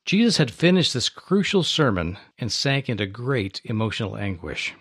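A man's voice: medium pitch, sing-song, moderate pace, a bit bright, slightly rough. A man hosting a listener-supported radio ministry, reading a donation appeal and a Bible paraphrase.

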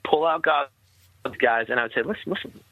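A former army captain earnestly recounts a personal war story in casual conversation, his speech full of fillers and restarts. His mid-range voice moves at normal speed over a tinny, phone-like line.

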